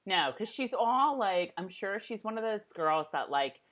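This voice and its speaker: A woman's voice: medium pitch, animated, a little slow, fairly bright tone. A woman co-hosting a casual chat who giggles often, uses lots of fillers and acts out scenes in playful voices. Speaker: podcast co-host.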